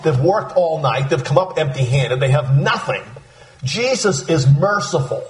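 A man's voice: fairly high pitch, unhurried, roomy sound. A man preaching a sermon, walking through a scripture passage and acting out the disciples' lines. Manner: animated, acts out voices of disciples.

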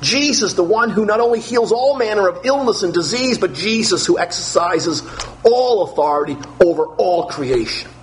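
A man's voice: sits high, animated, normal speed, slight background noise, rough recording. A man preaching an expository sermon, emphatic and repetitive, firing off rhetorical questions.

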